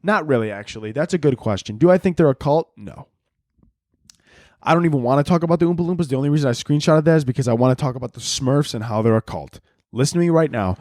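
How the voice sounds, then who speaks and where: A man's voice: on the high side, darkish tone, no echo, clean studio sound. Crude, rambling young man podcasting. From Chicago area, United States. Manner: crude, joking, rambling with many fillers. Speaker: podcast host. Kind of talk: casual solo podcast rant.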